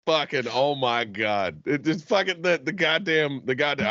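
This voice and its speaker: A man co-hosting a podcast, talking in a loose, profane, animated way and laughing often. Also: fairly high pitch, slow, long pauses, no echo, dull audio. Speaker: podcast co-host. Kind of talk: casual chat.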